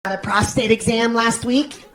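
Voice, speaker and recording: A woman telling a stand-up joke in a lively storytelling manner. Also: fairly high pitch, moderate pace, a little hiss or hum, poor audio. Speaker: stand-up comedian.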